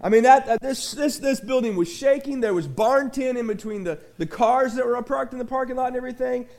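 Male pastor, very high voice, folksy rambling sermon, shouted refrains. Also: fairly quick. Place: small church sanctuary.

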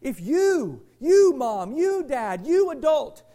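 Brief: middle-aged male pastor, high lively voice, fiery sermon with chatty asides. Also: takes it slowly. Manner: animated preaching, swings from shouting to quiet asides with the congregation.

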